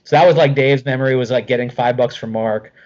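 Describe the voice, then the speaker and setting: A middle-aged man telling a casual anecdote as a guest, animated, swearing freely and filling with "like". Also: mid-range voice, fast, muffled recording.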